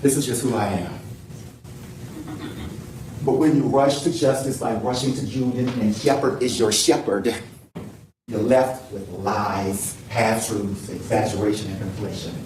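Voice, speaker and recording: A man from New Orleans delivers an impassioned courtroom closing argument, loud and emotional, stacking words into rhetorical lists. He is heard from afar on a distant courtroom feed, with heavy echo and a faint hiss underneath. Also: on the low side, fairly even intonation, measured pace. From New Orleans, USA. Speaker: defense attorney. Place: large courtroom.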